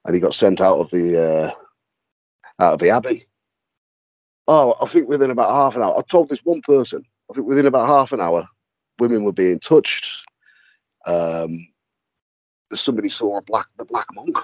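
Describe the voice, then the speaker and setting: A man tells stories as a podcast guest. He laughs often and swears casually, and his pitch swings widely. The recording is dry and close. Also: lively intonation, normal speed, long pauses, no echo, dull audio. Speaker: podcast guest, paranormal investigator.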